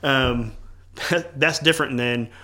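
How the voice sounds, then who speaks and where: Earnest man, animated church talk. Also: medium pitch, slow. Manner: earnest, animated, acts out quoted dialogue. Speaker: church leader and parent. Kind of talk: casual podcast conversation.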